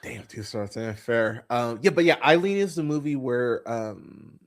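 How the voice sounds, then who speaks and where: A man's voice: mid-range voice, very animated, measured pace. A man hosting a casual film podcast, blunt and profane, rambling with lots of fillers. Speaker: podcast host.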